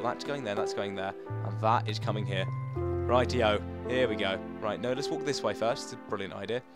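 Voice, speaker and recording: A young man hosting a gaming channel offers casual let's-play commentary, chatting with his pets and himself and breaking into high-pitched shouts.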